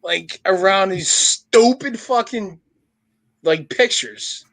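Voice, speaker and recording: A man's voice: sits high, slow pace, vocal fry, fairly bright tone. A young adult man co-hosting a podcast, telling crude, profane stories in casual banter and laughing often. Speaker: podcast co-host.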